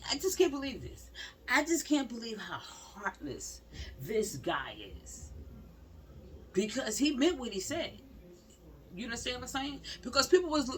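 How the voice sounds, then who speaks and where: Woman, vlogger, casual commentary, emphatic, repeats herself, a bit far from the mic, faint noise behind. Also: mid-range voice. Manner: emphatic, repeats herself, talks straight to viewers. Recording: slightly distant mic with faint background noise.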